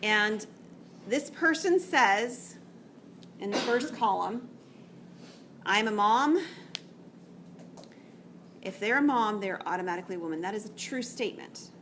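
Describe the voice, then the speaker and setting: A woman's voice: medium pitch, moderate pace, pauses often, background noise. A woman math teacher lecturing to a class, chatty and checking in often with "okay?". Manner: chatty, explains step by step with frequent "okay?" checks.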